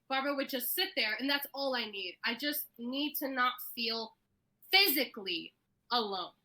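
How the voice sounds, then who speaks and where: A woman's voice: a little high, lively intonation, unhurried, bright, forceful tone, low-quality recording. A woman in her twenties co-hosting a podcast, speaking candidly in casual chat. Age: 20s. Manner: candid, laughs easily. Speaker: podcast co-host.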